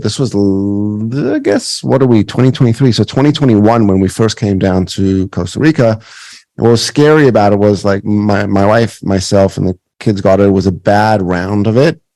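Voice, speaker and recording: A man's voice: lowish voice, a little mellow, dry recording, low-quality recording. A man in his thirties hosting a podcast interview, telling stories with many restarts and repeated words. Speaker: podcast host. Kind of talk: conversational interview.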